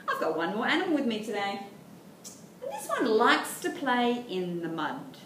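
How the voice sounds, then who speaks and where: A woman's voice: medium pitch, wildly swooping pitch, normal speed, fairly bright tone, recorded from a distance. Sing-song Australian woman leading toddler rhymes. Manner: sing-song, encouraging, talking to small children. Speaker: children's librarian. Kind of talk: toddler storytime with rhymes and songs. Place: library room. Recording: echoey room, faint background hum.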